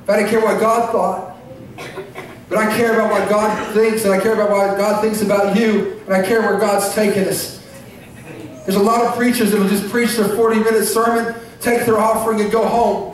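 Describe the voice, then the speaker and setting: A man preaching a sermon as pastor, earnest and emotional, with bursts of shouting and laughter. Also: sits high, little pitch movement, moderate pace. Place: church sanctuary. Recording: echoey church recorded from far off.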